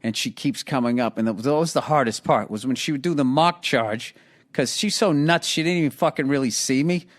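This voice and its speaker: A man with a Boston accent, hosting and telling a story in casual, profane chat, animated and laughing often. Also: medium pitch, fairly quick. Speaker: podcast host.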